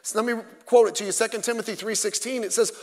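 A man's voice: high-pitched, steady tone, quick pace, darkish tone, long reverb tail. A male pastor preaching a sermon in an emphatic, conversational way, mixing in self-deprecating jokes.

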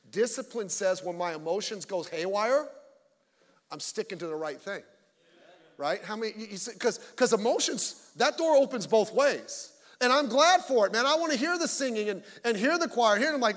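High-voiced man preaching in a reverberant hall. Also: animated, normal speed, a bit bright. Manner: blunt, joking, mocking asides. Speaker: pastor. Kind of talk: sermon. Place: church sanctuary. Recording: long church hall reverb.

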